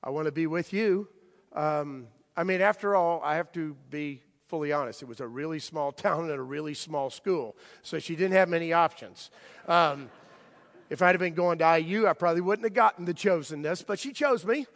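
A man's voice: on the high side, normal speed, vocal fry, a bit bright. A middle-aged man preaching a sermon in a conversational, playful way, often asking the congregation questions. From United States. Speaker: pastor. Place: large church sanctuary. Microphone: handheld or stage mic. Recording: long hall reverb.

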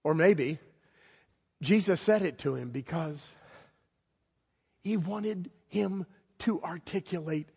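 A man preaching a sermon in a conversational storytelling manner, with dramatic pauses. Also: on the high side, gravelly, a little mellow, slightly rough. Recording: long hall reverb.

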